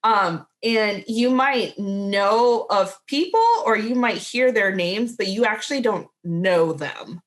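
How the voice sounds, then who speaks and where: A woman's voice: mid-range voice, takes it slowly, hardly any pauses. A woman co-hosting a podcast in casual chat, talking in a chatty way with lots of "like" and restarts. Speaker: podcast co-host.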